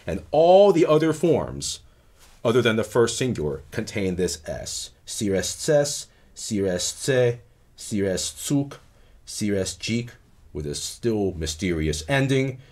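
A man giving a recorded lecture on grammar, measured and explanatory, often checking in with "right?". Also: fairly low pitch, big pitch swings, a little mellow.

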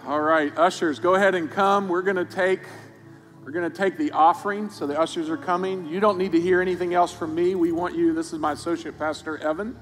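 Casual pastor guy taking the offering, kinda high voice, big hall echo, soft music behind. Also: fairly even intonation, a little fast. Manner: casual, upbeat, hesitant with fillers. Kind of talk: offering appeal and prayer. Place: church sanctuary. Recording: church hall reverb with faint music.

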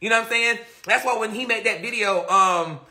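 Woman live-stream host, sharp and bright in tone, profane, emphatic, chatty with viewers. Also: on the high side, brisk. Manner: rambling with many repeated fillers. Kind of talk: casual live-stream chat reading viewer comments. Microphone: phone or webcam on a live stream.

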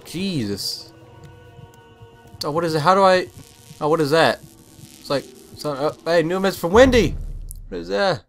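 A young man giving casual let's-play commentary, full of excited, puzzled exclamations. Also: on the high side, unhurried, gravelly, pauses often. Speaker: gameplay commentator. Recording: game music under voice.

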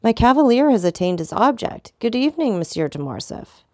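A woman voicing a calm, commanding aristocratic man who stays coldly polite. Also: fairly high pitch, dry recording, studio quality, pitched above the performer's own voice. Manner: calm, measured, dignified.

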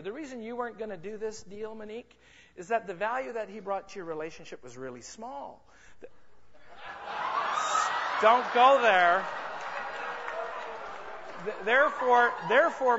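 A man's voice: sits high, a bit bright, a little hiss or hum. A man speaking at a seminar, joking and bantering with members of the audience. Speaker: sales and marketing speaker. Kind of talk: motivational seminar talk to a live audience. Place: large conference room. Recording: muffled reverberant hall recording.

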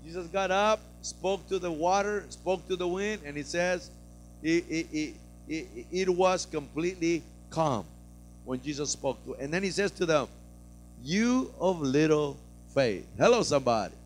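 Guy pastor with a high voice preaching, goes from soft to loud and fired up. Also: normal speed, slight background noise. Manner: builds from soft teaching to loud preaching, acts out frightened disciples. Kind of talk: sermon.

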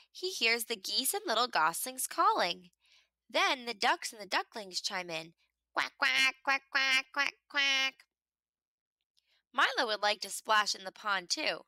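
A woman reading a children's picture book aloud in an expressive storytelling manner, making the animal sounds herself. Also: a little high, no room sound.

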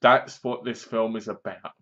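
A man's voice: lowish voice, steady tone, a little slow, bright, forceful tone, highs cut off. A young man chattily retelling a film's plot in a casual review, leaning on fillers like "basically". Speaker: film reviewer. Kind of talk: casual spoken movie review.

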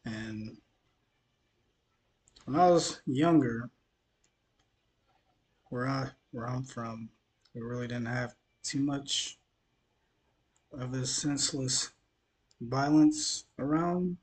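Man, tired, mid-pitched voice, rambling casual vlog talk, trips over words. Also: slow pace, long pauses. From Mississippi, USA. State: tired, dehydrated after the gym. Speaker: news vlogger.

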